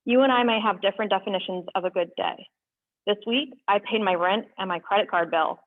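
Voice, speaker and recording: A young woman at an open mic, reading poems aloud with earnest, halting asides between them. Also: medium pitch. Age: young adult. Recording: tinny phone-like sound.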